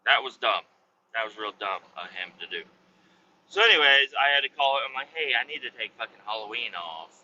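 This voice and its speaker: A man's voice: mid-range voice, expressive, a little fast, pushed and bright. A man hosting a podcast, telling a story casually and profanely, acting out everyone he quotes in his own voice. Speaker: podcast host. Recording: slightly dull, faint road noise.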